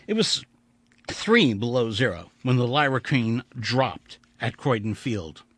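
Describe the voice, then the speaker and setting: A man reading a story aloud in an expressive, vivid storytelling way. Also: medium pitch, a little slow, husky, no echo. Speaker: audiobook narrator. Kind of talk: dramatic audiobook reading.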